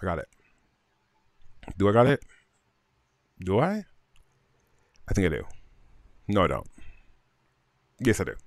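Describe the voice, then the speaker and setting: A man co-hosting a casual podcast chat over a video call, sassy, excitable and swearing freely. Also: deep voice, unhurried, long pauses, no room sound, clean studio sound. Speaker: podcast co-host. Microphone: computer microphone on a video call.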